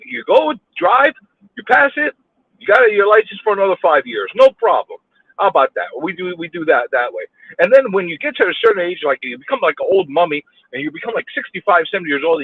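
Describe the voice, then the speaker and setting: A man's voice: high-pitched, breathy edge, dry recording. A man with a New York accent ranting angrily while driving in city traffic, firing off repeated rhetorical questions and swearing. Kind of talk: angry road rant. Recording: tinny phone-like audio.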